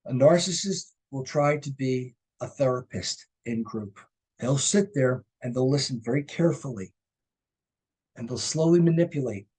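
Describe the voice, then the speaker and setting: A man's voice: fairly high pitch, a little mellow, husky. A middle-aged man giving a recorded college lecture, conversational and anecdotal, often tossing in "right?" and "you know".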